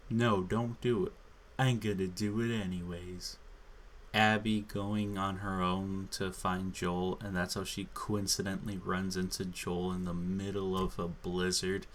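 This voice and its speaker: A man's voice: on the low side, fairly bright tone, slight background noise. A man on a drunken solo rant, angry, profane and exasperated. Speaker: channel host.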